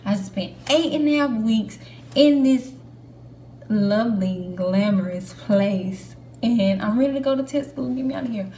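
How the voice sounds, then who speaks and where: A woman's voice: medium pitch, unhurried, dark tone. A young woman vlogging in a casual, candid chat to camera, with lots of fillers. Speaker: Air Force trainee vlogger. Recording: echoey room with faint background hum.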